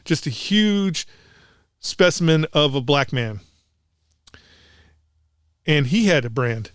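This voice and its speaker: A man's voice: fairly high pitch, animated, takes it slowly, clear, resonant tone, no echo, studio quality. A man, a former Marine, telling rambling military anecdotes on a podcast with many restarts and acted-out quotes. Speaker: podcast co-host. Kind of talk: casual storytelling chat.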